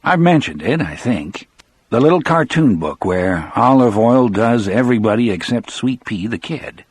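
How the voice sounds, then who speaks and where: A man's voice: medium pitch, expressive, moderate pace, husky, dry recording. A man narrating an audiobook in the first person, with a dramatic storyteller delivery.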